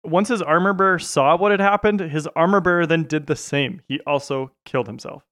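A man's voice: fairly high pitch, brisk, fairly bright tone. A man with a slightly raised voice and a Canadian accent co-hosts a laid-back podcast. He retells a Bible story in plain chat, jokes, overthinks and laughs often. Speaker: podcast co-host.

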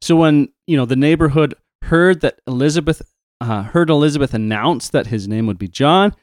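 A man retelling a Bible story, reading passages in a measured way with playful asides. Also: a little high, a little mellow, dry recording, clean studio sound.

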